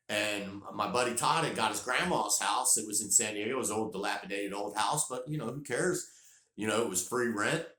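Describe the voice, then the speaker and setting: A man's voice: lowish voice, roomy sound. A man, telling a rambling, folksy story in casual vlog style. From North Carolina. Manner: folksy, rambling, repeats words when excited. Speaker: vlogger.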